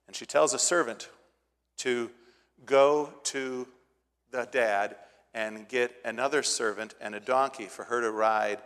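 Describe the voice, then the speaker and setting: A man's voice: medium pitch, fairly bright tone. A man preaching a sermon, retelling a scripture story in a casual way and building to emphatic points. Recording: long hall reverb.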